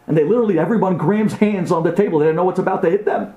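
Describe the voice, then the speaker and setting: A man giving an impassioned inspirational talk, acting out scenes dramatically and swinging between loud outbursts and hushed passages. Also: high-pitched, racing, few pauses. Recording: roomy echo.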